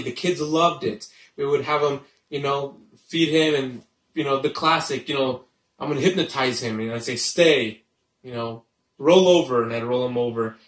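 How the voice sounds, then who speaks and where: A man's voice: mid-range voice, fairly bright tone. A male magician chatting casually and showing his gear, rambling with lots of fillers. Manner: rambling, with many fillers and restarts. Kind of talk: casual show-and-tell talk. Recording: echoey room.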